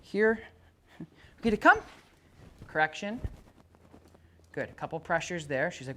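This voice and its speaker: A dog trainer working with a dog in front of its owner. The trainer explains calmly to the owner, then calls out commands and loud, high praise to the dog. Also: a little slow, pauses often. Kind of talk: hands-on training demonstration.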